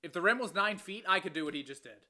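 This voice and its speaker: A young man in his twenties ranting on a casual sports podcast, his voice bright and forceful. He sounds exasperated and swears freely, pitched a bit above most men. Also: expressive, fast. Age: 20s. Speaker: podcast co-host.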